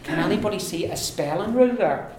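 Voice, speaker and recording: A man's voice: sits high, animated, a little fast, a little mellow, a little hiss or hum. A man teaching a language class, saying words aloud and repeating them patiently for his students. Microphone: distant recorder in the room. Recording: echoey room, far from the mic, class chatter.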